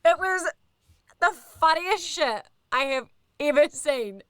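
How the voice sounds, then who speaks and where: A woman in her thirties with a New Zealand accent, a radio host telling animated, sweary backstage stories in casual chat. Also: sits high, slow, no room sound, clean studio sound. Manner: animated, swears, acts out others in quoted voices. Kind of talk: casual storytelling.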